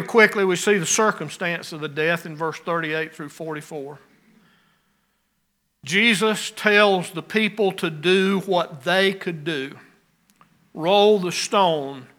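A man preaching a sermon, rising to emphatic lines and dropping to quiet ones. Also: sits high.

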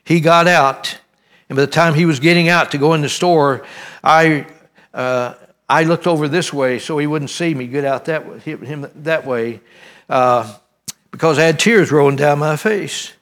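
Older male preacher, slightly high voice, folksy, halting, emotional storytelling sermon. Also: fairly bright tone. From Tennessee, United States.

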